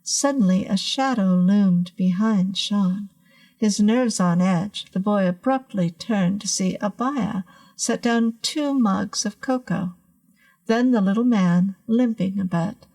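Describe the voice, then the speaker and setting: A woman narrating a horror story in a measured, suspenseful way. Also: medium pitch, warm tone.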